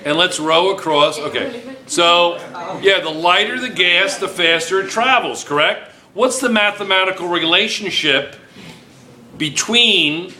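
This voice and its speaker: A man teaching a chemistry class in a playful, teasing way, talking loudly to the room. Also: sits high, a little slow, slight background noise. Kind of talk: joking classroom review.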